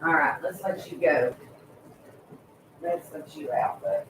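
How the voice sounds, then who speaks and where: A woman's voice: fairly low pitch, huge pitch swings, slow, echoey room, a little hiss or hum, low-quality recording. A woman hosting a casual live stream, loose and swearing freely while she chats with viewers and fusses over her pets. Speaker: livestream host.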